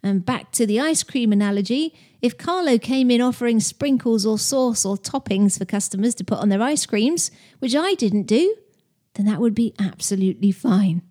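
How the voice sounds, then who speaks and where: A woman's voice: on the high side, animated, moderate pace, mellow. A woman who hosts a podcast, giving business advice in a chatty, direct way and explaining with stories and analogies. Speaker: podcast host.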